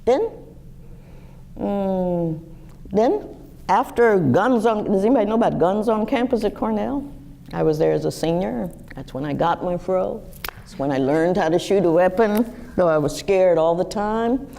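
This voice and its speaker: A woman in her sixties telling personal stories to a live audience in a lively, animated way. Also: measured pace, creaky. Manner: lively, animated storytelling with wide pitch swings. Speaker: guest speaker. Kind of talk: storytelling talk to a live audience.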